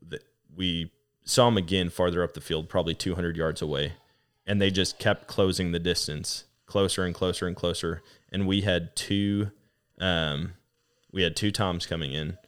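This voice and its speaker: A man with a very deep voice hosts a relaxed podcast conversation. He tells stories with animation, laughing and acting out the lines of the people in them. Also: clear, resonant tone. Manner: animated, laughing storyteller who acts out quotes. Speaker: podcast host. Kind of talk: casual storytelling chat.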